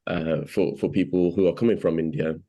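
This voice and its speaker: Interviewee: English man, very low voice, halting, casual. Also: muffled recording. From England. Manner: hesitant, many restarts and fillers, animated when quoting. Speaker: actor being interviewed.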